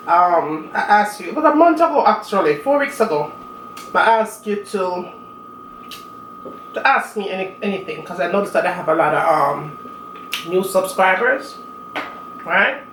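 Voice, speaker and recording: A woman's voice: lowish voice, a bit bright. Jamaican woman chatting between bites. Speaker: cooking channel host. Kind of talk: casual chat while eating. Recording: roomy echo, mic at a distance, faint room noise.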